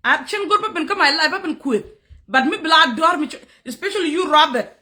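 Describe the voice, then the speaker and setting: Angry high-voiced woman ranting. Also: expressive, a little fast, bright, forceful tone. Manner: heated and scolding, mixing English with another language, laughing in bursts. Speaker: content creator on a livestream. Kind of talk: angry livestream rant at commenters.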